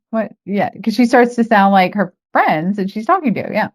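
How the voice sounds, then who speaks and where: A woman's voice: on the high side, animated, normal speed. A woman hosting a casual podcast interview, chiming in often and asking friendly questions. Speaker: podcast host.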